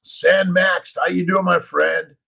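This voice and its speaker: A middle-aged physician hosting a casual morning livestream, preaching in punchy slogans and answering chat comments. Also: male voice, high-pitched, flat delivery, slow pace, creaky, bright, forceful tone, breathy edge, rough recording.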